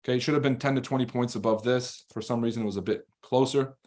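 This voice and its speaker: A man hosting a live trading stream and reading chat, talking in a blunt, profane, combative way. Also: medium pitch. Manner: fast, rambling and animated when ranting. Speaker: livestream trading host.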